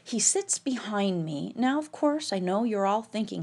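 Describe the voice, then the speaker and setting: A woman telling a tense personal story, halting and quoting the people she met. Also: medium pitch, animated, a little mellow. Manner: tense, halting retelling with quoted dialogue. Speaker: podcast storyteller.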